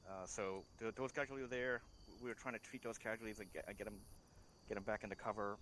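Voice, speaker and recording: Halting man giving a squad report. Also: on the low side, steady tone, a bit bright, slight background noise. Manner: halting, many fillers. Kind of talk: debrief report.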